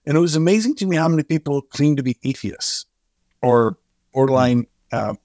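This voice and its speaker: A man guest on an interview show, telling stories in an animated way and acting out the voices of the people in them. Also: brisk, dry recording, studio quality. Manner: animated, acts out quoted voices with big pitch jumps. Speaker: charity co-founder, guest. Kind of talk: storytelling in an interview.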